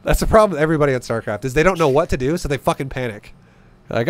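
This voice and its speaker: A man's voice: on the high side, lively intonation, racing, dry recording. A young man coaching a game player over a replay, casual, swearing freely and acting out little scenes. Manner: swears freely, laughs, acts out examples. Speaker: StarCraft coach.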